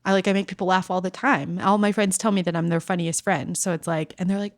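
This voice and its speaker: Young adult woman, podcast host, low pitch, dry close sound, candid and profane storyteller. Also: steady tone, fast talker, hardly any pauses, no room sound. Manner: candid, self-deprecating, profane, full of filler words. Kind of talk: casual storytelling.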